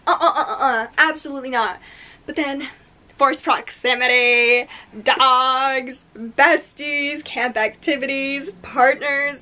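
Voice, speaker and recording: A woman's voice: sits high, unhurried, pushed and bright. A woman reviewing her favorite books in casual chat, gushing and effusive, dropping into dramatic whispers. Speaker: book reviewer.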